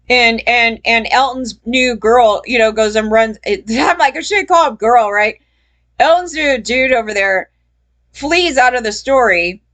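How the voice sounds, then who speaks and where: A young adult woman telling a personal story in a loose, rambling way, swearing often, laughing, and jumping up in pitch when she gets emphatic. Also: a bit bright. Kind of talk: casual storytelling.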